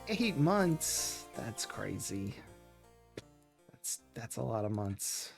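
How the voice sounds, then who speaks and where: A man's voice: lowish voice, very animated, drawn-out words, gravelly, slightly rough, soft background music. A man streaming a game live, chatting casually and poking fun at himself while thanking viewers.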